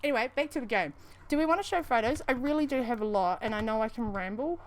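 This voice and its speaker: A woman's voice: a little high, fast. A woman with a New Zealand accent co-hosting a casual livestream, rambling chattily and calling viewers honey. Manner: rambling, chatty, calls people honey, laughs often. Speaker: livestream co-host.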